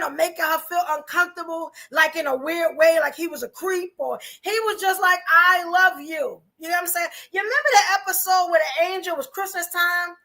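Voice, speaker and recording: A woman's voice: extremely high pitch, pushed and bright. A woman hosting a livestream, chatting casually with viewers, full of rhetorical questions and fillers. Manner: chatty, addresses chat viewers directly. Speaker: podcast host.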